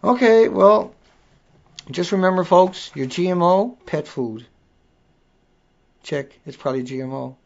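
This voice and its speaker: A man's voice: high-pitched, measured pace, vocal fry, long pauses. A man with an accent, hosting a casual livestream, talking bluntly and swearing as he rants. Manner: blunt, ranting, swears freely. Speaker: livestream host. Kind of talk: casual live-stream rant. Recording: dull lo-fi audio.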